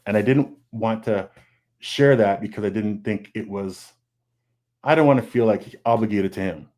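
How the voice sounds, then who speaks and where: A man's voice: on the low side, moderate pace, a little mellow. A man on a video call panel, talking earnestly and candidly, often repeating words and quoting his own thoughts. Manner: earnest, confessional, repeats words, quotes himself. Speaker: comic artist guest.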